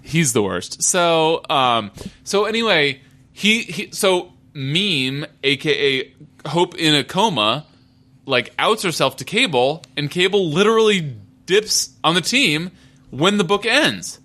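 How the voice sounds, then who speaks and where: A man's voice: on the high side, takes it slowly. A man co-hosting a podcast in a casual chat, rambling and swearing freely. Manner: animated, rambling, profane. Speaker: podcast co-host.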